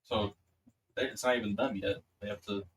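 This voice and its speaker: A man's voice: lowish voice, steady tone, normal speed, slight background noise. A man playing a tabletop game, talking through rolls and rules in a matter-of-fact way. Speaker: player. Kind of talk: casual tabletop game chat.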